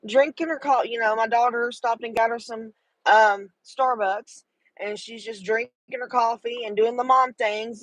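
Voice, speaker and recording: A woman's voice: medium pitch, dry recording, poor audio. Emotional grandmother on a livestream. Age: middle-aged. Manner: tender, emotional, talks straight to viewers. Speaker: livestream host. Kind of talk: casual livestream chat.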